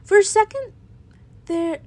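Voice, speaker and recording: A woman's voice: extremely high pitch, expressive, a little slow, warm tone, pitched above the performer's own voice. A woman reading the lines of a blunt teenage boy wizard in a plain, slightly hesitant voice. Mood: relieved.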